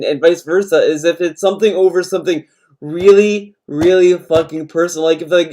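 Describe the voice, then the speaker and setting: A man's voice: high-pitched, darkish tone. A young adult man streamer ranting in casual chat, swearing often and rambling as he talks. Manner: profane, rambling rant.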